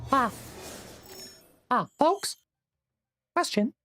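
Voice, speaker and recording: A man streaming a card game while putting on a squeaky, high cartoon mouse voice and swearing in character. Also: expressive, very slow, pushed and bright, slight background noise, exaggerated voice. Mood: squeaky playful. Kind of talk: live game stream chat.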